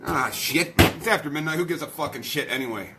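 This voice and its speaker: A man's voice: fairly high pitch, brisk, very noisy. A man hosting a late-night live stream, rowdy, profane and joking, a little tipsy from beer.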